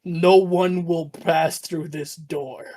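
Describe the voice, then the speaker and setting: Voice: steady tone, slow. A podcaster putting on the voice of a stubborn, single-minded young woman guard knight during an anime retelling. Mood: flatly stubborn. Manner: dramatic wailing, loud and high.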